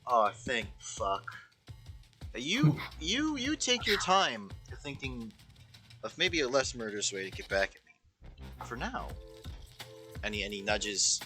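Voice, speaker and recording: A man's voice: medium pitch, very animated, sharp tone. A man narrating as game master for a tabletop role-play, stumbling and restarting as he goes. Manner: halting, many restarts and fillers. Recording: music playing behind.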